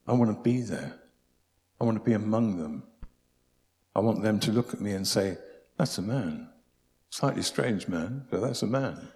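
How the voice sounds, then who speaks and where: A man voicing God, earnest and low. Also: animated, normal speed, long pauses, a little mellow. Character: God, an eager male deity set on becoming human. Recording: long hall reverb.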